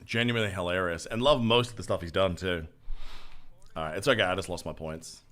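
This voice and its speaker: A young man streaming a game, chatting casually with a relaxed, joking manner and casual swearing. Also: low-pitched, fairly quick. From Australia. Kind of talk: casual gameplay chat.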